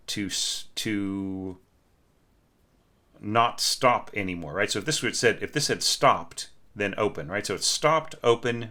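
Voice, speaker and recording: Bright-voiced man critiquing a score. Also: on the low side. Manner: conversational, sings phrases, keeps asking "right?". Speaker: orchestration teacher.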